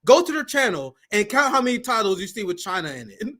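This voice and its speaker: A man's voice: sits high, big pitch swings, fast, sharp tone. A man hosting a political talk stream, reading news aloud and commenting in a loose, slangy way with frequent laughs. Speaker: host.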